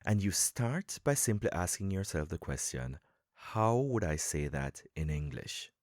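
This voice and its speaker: A man with a very deep voice hosts a language-learning podcast lesson. He explains in a calm, measured way, his pitch rising and falling with lively emphasis. The recording is dry and close to the mic. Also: no echo. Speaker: podcast host and English coach.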